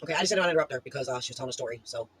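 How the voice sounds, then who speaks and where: A woman's voice: rumbling low, racing, fairly bright tone, breathy edge, no echo, rough recording. A woman co-hosting a livestream, talking in a heated, profane way and pleading with viewers. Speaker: livestream co-host. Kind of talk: livestream commentary.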